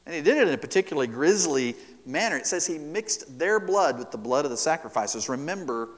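A man preaching a sermon as pastor, rising and falling sharply in pitch and loudness for emphasis. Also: brisk. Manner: expressive preaching with wide swings in pitch and loudness. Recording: long hall reverb.

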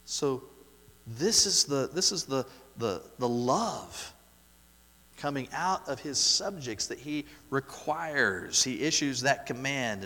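A man preaching a sermon, asking the congregation rhetorical questions and repeating key words for emphasis, swinging from loud to soft. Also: mid-range voice, in a large hall. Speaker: pastor.

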